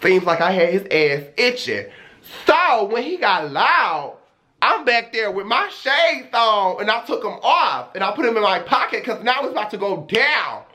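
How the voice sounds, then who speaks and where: A young man, a streamer, telling a dramatic storytime in a sassy, animated way. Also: high-pitched, unhurried. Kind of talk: storytime vlog.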